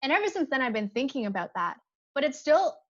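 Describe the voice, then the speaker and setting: A woman guest on a podcast, speaking reflectively and earnestly, frank about her own feelings. Her voice is a bit high, and the sound is slightly dull and lo-fi. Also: big pitch swings, fast. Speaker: podcast guest, actor and improviser. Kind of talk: casual chat.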